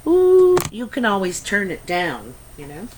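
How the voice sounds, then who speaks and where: Slow, chatty Canadian woman reading tarot. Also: medium pitch, wildly swooping pitch, background noise. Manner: slow, chatty and meandering, with many ums and asides. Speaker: tarot reader. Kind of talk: casual tarot reading to camera.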